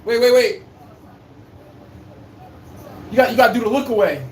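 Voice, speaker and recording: A man's voice: extremely high pitch, lively intonation, normal speed. A man hosting a casual sports live stream, reading chat and trash-talking in a brash, playful way, recorded on a phone. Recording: echoey room with faint hum.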